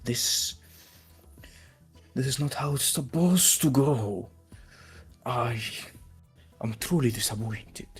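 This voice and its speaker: A sinister dream creature with two tongues whispers its disappointment, as a man voices it at the game table. The voice is weird and hushed. It sounds quietly menacing. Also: mid-range voice, expressive, slow, long pauses, husky, faint music behind, full character voice.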